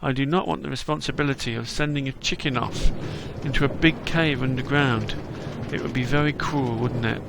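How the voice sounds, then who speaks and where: Gravelly cheerful man narrating a game. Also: mid-range voice, fairly even intonation, a little fast, few pauses, noisy background. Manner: cheerful, enthusiastic, chatty. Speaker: game video host. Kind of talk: casual game commentary.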